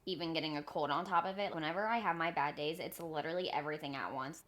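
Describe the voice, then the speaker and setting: Talking fast with few pauses, this woman has a low, fairly bright voice. In her twenties, she co-hosts a podcast via remote call, keeping the chat casual, blunt, and self-mocking, with lots of swearing.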